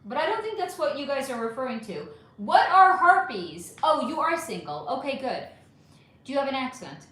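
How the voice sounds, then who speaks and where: A woman's voice: high-pitched, very animated, a little fast, fairly bright tone. A woman hosting a casual livestream, chatting animatedly and answering viewer comments one by one. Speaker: livestream host reading chat. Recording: echoey room.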